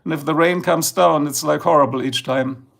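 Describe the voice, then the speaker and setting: A middle-aged German-accented man hosts a livestream in loose, rambling chat, slipping between English and German. His voice sits a little high and has a gravelly, creaky edge. He sounds freshly woken up. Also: normal speed, a bit bright. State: just woken up. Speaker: livestream host. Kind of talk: casual livestream talk.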